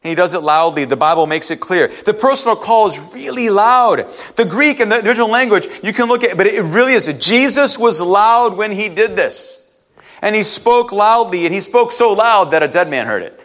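A man's voice: high-pitched, lively intonation, normal speed, fairly bright tone. A man preaching a sermon, reading scripture aloud and restarting his sentences as he explains it. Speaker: pastor.

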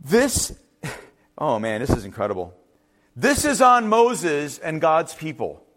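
A male pastor preaching with a fairly high, bright-toned voice. He is animated and conversational, slipping into the voices of the people he quotes and tossing in casual asides. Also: slow. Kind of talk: sermon.

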